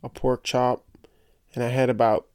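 A man's voice: mid-range voice, level tone, moderate pace, darkish tone, smooth, dry recording. Rambling young man, dry close sound. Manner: rambling, jokey, trips over his words. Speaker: podcast host. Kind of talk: casual solo chat.

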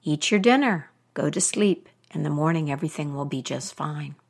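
A woman storyteller voicing a small magic doll that speaks softly and reassuringly. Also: deep voice, normal speed, creaky, breathy edge, full character voice. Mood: soothing.

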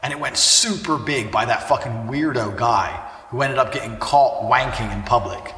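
A man's voice: mid-range voice, moderate pace, sharp tone, a little hiss or hum. Brash, swearing man in an echoey room. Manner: brash, boastful and heavily profane. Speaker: online personality. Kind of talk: casual monologue to camera. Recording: echoey room, mic far off.

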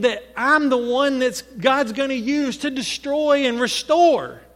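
A man preacher giving an animated sermon, asking rhetorical questions and acting out the quotes he reads. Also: very high voice. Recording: echoey hall with long reverb.

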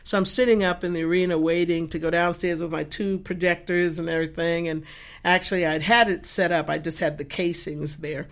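A woman guest telling an earnest faith testimony in an animated way, acting out the voices in her story. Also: fairly low pitch, fairly quick. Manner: expressive, acts out the dialogue in her story.

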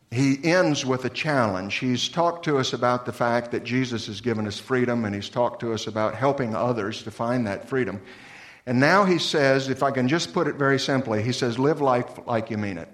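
An earnest male pastor delivering a sermon at a mid-range pitch. He builds to lively, emphatic points and then drops into soft, low-voiced appeals.

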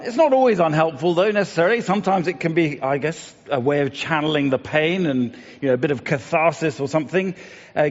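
A middle-aged man speaks in a somewhat high voice, musing his way through a morning devotion with frequent fillers and restarts. The sound is dull and lo-fi, and a long reverb trails after his words. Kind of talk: reflective spoken devotion.

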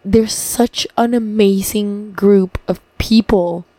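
A young woman from Paraguay records a casual video diary, speaking at an unhurried pace. Her talk is chatty and upbeat, and she swears freely. The sound is dry, with no room echo. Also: medium pitch, fairly even intonation, warm tone. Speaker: vlogger.

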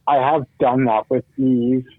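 A man's voice: mid-range voice, little pitch movement, a little slow, phone-quality sound. A man joining a casual podcast chat, talking loosely with lots of "like". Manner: chatty, lots of "like".

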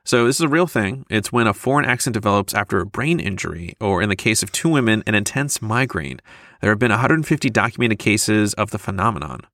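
A man co-hosting a casual podcast, reading out trivia facts in a steady, matter-of-fact way. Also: on the low side, quick pace, no echo, studio quality. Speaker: podcast co-host. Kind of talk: casual chat.

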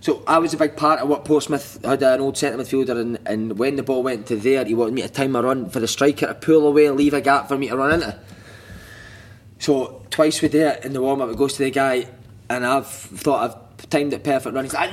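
A Scottish man in his thirties, a former footballer on a podcast, telling animated, sweary stories and shouting out quoted lines. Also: mid-range voice, fairly quick. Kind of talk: casual chat, storytelling.

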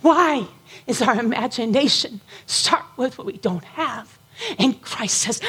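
A woman preaching a sermon, impassioned, at times rising to shouts with a breaking voice. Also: on the high side, expressive, unhurried, husky.

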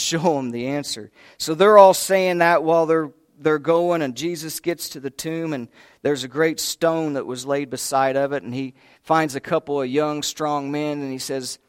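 A man's voice: mid-range voice, steady tone, moderate pace, no echo, clean studio sound. A man preaching a sermon, telling the story with emphasis, putting questions to the congregation and talking to them directly.

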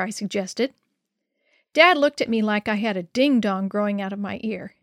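A woman reading a first-person story aloud in a lively, expressive storytelling manner. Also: mid-range voice, moderate pace, dry recording, studio quality.

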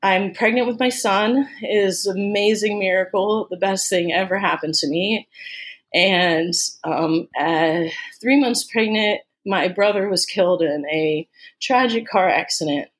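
Woman from Austin, interview guest, candid personal story, halting, filler-heavy, near tears at times. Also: mid-range voice. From Austin, Texas. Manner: candid, halting, many "like" and "you know" fillers.

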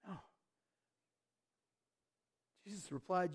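Emphatic high-voiced male pastor. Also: normal speed, pauses often. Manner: emphatic, call-and-response with the congregation. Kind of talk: sermon. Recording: reverberant church hall.

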